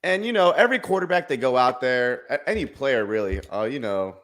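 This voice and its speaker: A young man in his twenties co-hosting a sports podcast. He talks in a loose, sarcastic way and tells stories with lively, animated energy. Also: medium pitch, a little fast. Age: 20s. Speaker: podcast co-host. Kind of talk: casual sports chat.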